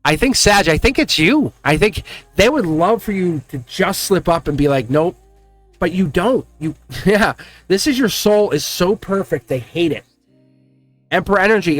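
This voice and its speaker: A man giving a casual, rambling tarot reading, talking excitedly and directly to the viewer. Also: sits high. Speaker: tarot card reader.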